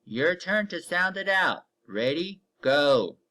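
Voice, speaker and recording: A man teaching young children to read in a recorded online lesson, stretching out each word slowly and giving patient step-by-step cues. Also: mid-range voice, expressive, sharp tone. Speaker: elementary reading teacher.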